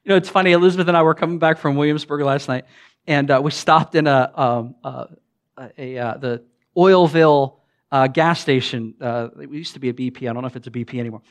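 A man with a Southern US accent, a pastor giving a chatty, humorous sermon full of stories, with loud bursts and quiet asides. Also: fairly quick. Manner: animated, joking, swings between loud bursts and low asides; frequent fillers and restarts, chatty. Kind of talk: conversational sermon with humorous storytelling.

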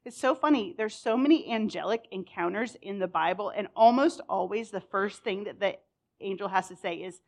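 A young woman teaching a casual Bible lesson, chatty and animated, with many fillers. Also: medium pitch, moderate pace, vocal fry. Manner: chatty, frequent "like", animated storytelling.

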